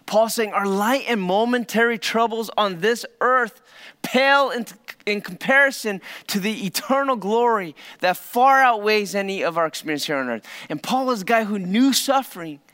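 Male pastor, higher voice, resonant tone; dramatic sermon storyteller with hushed pauses. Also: clean tone.

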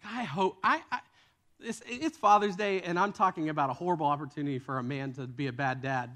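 A man's voice: high-pitched, fast talker, fairly bright tone. A man preaching a sermon as a retold story, casual in tone with joking asides.

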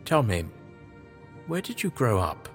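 A man voicing a scheming old male doctor with a smooth, persuasive way of talking, often hushed. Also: mid-range voice, very animated, a little slow, pitched below the performer's own voice. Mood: wistful. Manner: soft-spoken, coaxing. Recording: long reverb, faint music behind.

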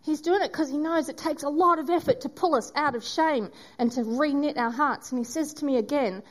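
A woman giving a sermon, telling a story and acting out its voices with dramatic pauses. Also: high-pitched. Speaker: preacher.

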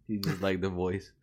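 A man's voice: low-pitched, darkish tone. A man hosting a casual chat, teasing and laughing. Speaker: podcast host.

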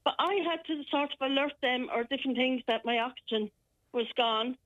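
An Irish woman phoning in, telling a frightening personal account in a halting, shaken way with many restarts. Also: high-pitched, fairly bright tone. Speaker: caller. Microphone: telephone. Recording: muffled telephone line.

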